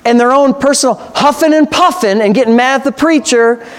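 High-voiced man preaching with fervor. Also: fairly quick. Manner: impassioned, repetitive preaching. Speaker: pastor. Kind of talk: sermon.

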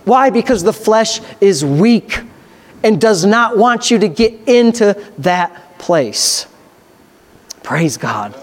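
A man preaching a sermon, reading scripture slowly and then breaking into loud, excited exhortation. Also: high-pitched.

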